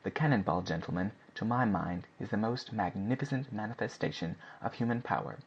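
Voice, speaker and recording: A man's voice: fairly low pitch, lively intonation, fairly quick, slightly rough. A man voicing a fervent, grandiloquent male gun-club secretary who gives an impassioned, lofty speech. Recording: dull lo-fi recording.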